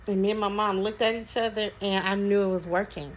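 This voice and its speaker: A woman's voice: medium pitch, steady tone, moderate pace, hardly any pauses, slight background noise, poor audio. A young woman talking as a parent, telling her story in a chatty, casual way, with many fillers and restarts. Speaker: parent sharing experience.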